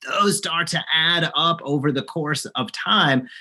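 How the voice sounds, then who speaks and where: Brief: man, slightly high and bright voice, earnest emphatic interview guest. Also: measured pace. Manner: earnest, emphatic business talk. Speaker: guest, locum service provider. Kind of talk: podcast interview.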